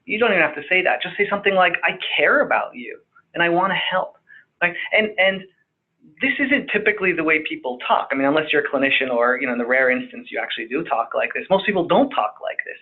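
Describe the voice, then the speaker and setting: A man with a slightly high voice speaks emphatically, repeating words as he makes his points. The sound is thin and phone-like. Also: lively intonation, fast. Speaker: psychiatrist guest. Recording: phone-quality audio.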